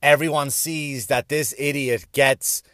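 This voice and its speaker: A man ranting profanely from inside his parked car, often rising to angry shouting. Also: medium pitch, fairly even intonation, unhurried, dry recording, studio quality. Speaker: podcast host. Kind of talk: profane comedic rant.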